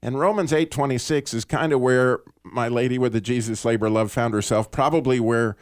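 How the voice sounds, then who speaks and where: A man hosting a Christian radio talk show, telling a story in an earnest, animated way with small restarts. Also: medium pitch, a little fast, dry recording, clean studio sound. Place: radio studio.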